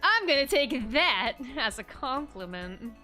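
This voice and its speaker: A woman's voice: high voice, big pitch swings, unhurried, sharp tone. A woman streaming a game in casual commentary, playful and laughing often as she reads lines aloud. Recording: faint music in the background.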